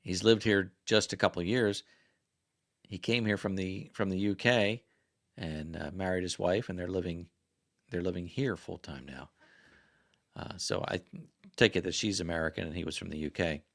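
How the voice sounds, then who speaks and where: Man, livestream host, rambling, chatty, fairly low voice. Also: normal speed, long pauses, fairly bright tone. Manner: rambling, chatty, self-correcting. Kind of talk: casual livestream chat.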